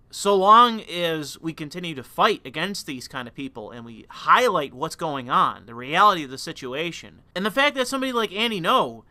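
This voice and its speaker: A man delivers a heated political commentary monologue, profane and rambling, full of fillers. His voice is a little high and very bright and sharp. The sound is dry and close to the mic. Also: no room sound. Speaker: commentary channel host.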